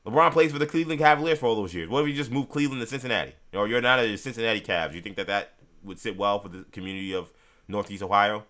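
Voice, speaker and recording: A man hosting a live sports talk show, reacting to viewer chat and ranting in an animated way about the news. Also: on the low side, fast.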